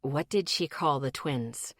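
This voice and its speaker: A woman voicing a calm, steady young man who speaks in a soft, controlled way, in an audiobook. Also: low voice, takes it slowly, no room sound, clean studio sound, voice pushed down.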